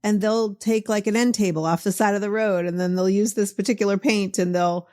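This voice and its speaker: A middle-aged woman with a Boston accent hosts a podcast in an easy, talkative way. She encourages as she goes and leans on "like" and "you know." Her pitch sits in a plain middle range. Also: fairly even intonation, fairly quick, a little mellow. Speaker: podcast host. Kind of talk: casual interview chat.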